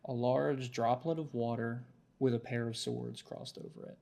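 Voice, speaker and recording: A man's voice: mid-range voice, fairly even intonation, normal speed, vocal fry, warm tone. A man narrating a tabletop game as game master, descriptive, often restarting his sentences.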